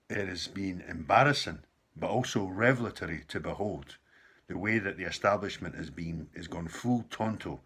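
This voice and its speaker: A British man in a heated political rant, his husky voice pushed hard and tense. He swears freely and builds from low, bitter muttering up to loud, furious bursts. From United Kingdom. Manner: furious, profane and rising to outbursts. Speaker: political commentator. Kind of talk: angry political rant to camera.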